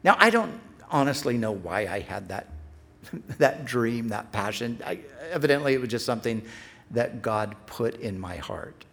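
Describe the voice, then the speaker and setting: A man's voice: medium pitch, lively intonation, normal speed, creaky, fairly bright tone. A middle-aged man preaching a sermon as pastor. He speaks earnestly, building emphasis on repeated phrases, and restarts his sentences when he speaks off the cuff.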